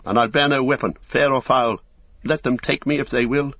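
A man's voice: lowish voice, measured pace, no room sound, dull audio. A man voicing a weary, burdened male hobbit who speaks in anguished, pleading tones. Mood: defiant. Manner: anguished, pleading, breaking into cries.

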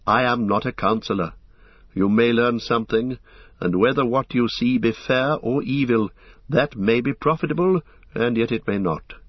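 A man voicing a wise, stately elf queen who speaks in formal, measured sentences, on a dull lo-fi recording. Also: medium pitch, no echo, lightly acted.

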